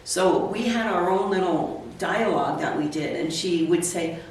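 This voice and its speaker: A woman's voice: lowish voice, normal speed. A woman in her sixties, a real estate agent, telling her personal story as a guest in an interview, candid and earnest. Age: 60s. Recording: echoey, distant, faint noise.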